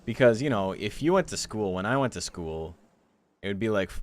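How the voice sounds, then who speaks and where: A young man who streams and hosts game tournaments chats casually while streaming, his fairly low voice brisk and lively in intonation. He rambles with lots of fillers and laughs frequently.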